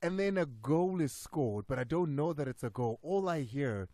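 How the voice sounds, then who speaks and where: A man's voice: on the high side, expressive, moderate pace, few pauses, warm tone, no echo. A man hosting a sports radio show and chatting with his guest in the studio. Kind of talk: casual radio interview.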